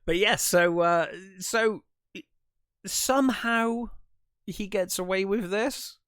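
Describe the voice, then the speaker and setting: A man on a film podcast recaps scenes in a relaxed, rambling way, full of fillers and restarts. His voice sits a little high for a man. It comes through dry, with no room sound. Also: slow, smooth, no room sound. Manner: relaxed, lots of ums and restarts while retelling scenes. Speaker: podcast co-host. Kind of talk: casual film chat.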